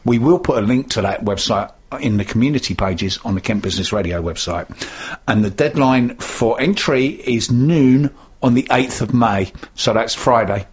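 A man with a gruff, husky voice co-hosting a radio show, reading community announcements and slowly spelling out web and email addresses. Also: on the low side, lo-fi sound. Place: radio studio. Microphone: studio microphone.

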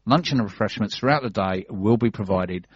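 A man's voice: fairly low pitch, moderate pace, breathy edge, no room sound, muffled recording. A man with a London accent co-hosting a radio show, chatting and joking as he reads out business event listings. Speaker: radio co-host reading business news. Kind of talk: casual radio chat and listings reading.

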